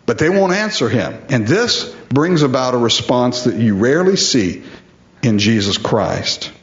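A man's voice: mid-range voice, animated, a little slow, roomy sound, lo-fi sound. A man preaching a sermon, emphatic and full of rhetorical questions, repeating words for stress.

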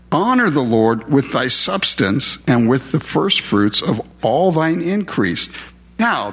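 A man's voice: mid-range voice, fairly bright tone, slightly rough, muffled recording. A man preaching a sermon in a conversational, emphatic way, asking his listeners questions. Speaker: pastor.

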